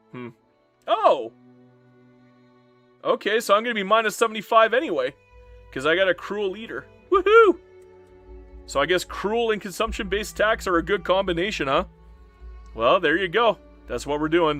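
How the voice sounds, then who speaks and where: Bright, chatty male game streamer. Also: on the high side. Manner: chatty, talks to himself and chat, swears and jokes. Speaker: streamer playing a strategy game. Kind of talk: live gameplay commentary.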